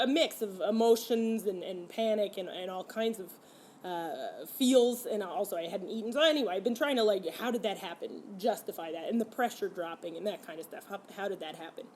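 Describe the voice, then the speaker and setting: A woman's voice: medium pitch, slight background noise. French-Canadian woman telling a comic story. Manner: animated, laughing, acts out her own quotes. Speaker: comedian guest. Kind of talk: casual storytelling.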